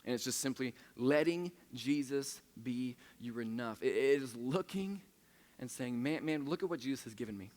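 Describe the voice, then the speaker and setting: Young man preaching in a chatty, animated way. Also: medium pitch. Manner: animated, self-mocking storytelling with quick restarts. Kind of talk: conversational sermon. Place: church service in a room of listeners.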